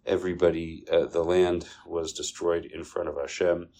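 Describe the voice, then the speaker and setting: A man's voice: sits low, little pitch movement, moderate pace, mellow, rough recording. A man giving an informal Torah talk, telling stories and stopping often for fillers. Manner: storytelling with many fillers and Hebrew terms. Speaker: Torah teacher.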